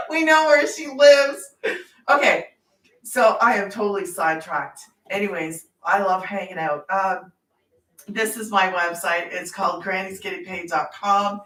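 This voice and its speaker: A woman's voice: medium pitch, unhurried, fairly bright tone, recorded from a distance. Brief: middle-aged woman, emphatic livestream host who rambles, recorded on a phone held a little away in a roomy space. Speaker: online business host. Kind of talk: casual livestream chat. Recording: roomy sound, off-mic.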